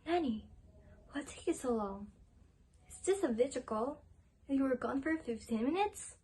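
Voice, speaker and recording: A woman's voice: high voice, lively intonation, normal speed, warm tone, a little hiss or hum, low-quality recording. A woman playing an impatient, lovestruck Juliet in an amateur school play. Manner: impatient, pleading. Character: eager, lovestruck young Juliet.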